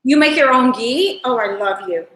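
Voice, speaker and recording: A woman's voice: a little high, animated, normal speed, fairly bright tone, a little hiss or hum. A woman hosting a live cooking stream from her home kitchen, chatting fondly and rambling to her viewers as she works. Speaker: cooking show host. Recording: echoey kitchen.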